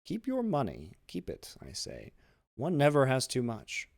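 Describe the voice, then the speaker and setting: A man's voice: medium pitch, wildly swooping pitch, measured pace, vocal fry, darkish tone, no room sound, clean studio sound, pitched above the performer's own voice, exaggerated voice. A man voicing a greedy, fawning young tailor who talks in an ingratiating, insistent way. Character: greedy fawning neighbor, male tailor in his twenties.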